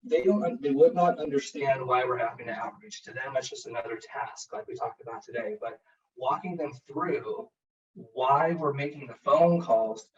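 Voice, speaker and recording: A man's voice: medium pitch, normal speed, crowd noise. A man on a video call sharing how a leadership course helped him, rambling and repeating words. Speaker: program participant. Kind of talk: casual testimonial on a video call. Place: home, siren heard outside. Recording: distant, dull video call audio.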